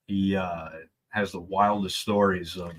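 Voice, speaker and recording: A man's voice: low voice, little pitch movement, a little slow. A man co-hosting a casual chat, joking and wisecracking with the guest.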